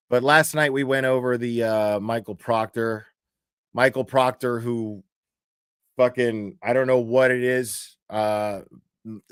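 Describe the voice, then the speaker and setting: A man's voice: mid-range voice, smooth, dry recording, studio quality. A man hosting a livestream, talking casually in a profane, mocking rant. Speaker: streamer host.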